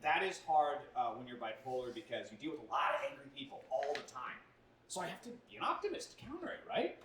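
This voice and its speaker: A man's voice: medium pitch, very animated, fast talker, fairly bright tone, slight background noise. A young man doing a self-deprecating stand-up set on a club stage into a handheld mic, his delivery punchy and full of put-on voices. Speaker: stand-up comedian. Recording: echoey club from a distance.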